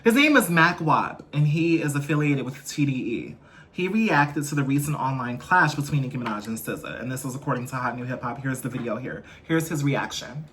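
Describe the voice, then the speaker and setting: A man hosting a celebrity gossip vlog in an easy, mid-pitched voice. He rants in a chatty way, tossing in playful asides to his viewers. A faint hiss of noise sits under his talk. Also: lively intonation, a little fast, a bit bright. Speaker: host.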